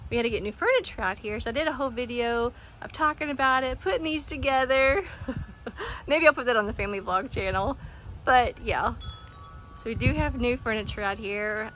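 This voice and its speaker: A woman's voice: fairly high pitch, fairly bright tone, a little hiss or hum. A woman giving a casual home decor walkthrough outdoors on her front porch. She talks in a chatty, upbeat way and laughs often.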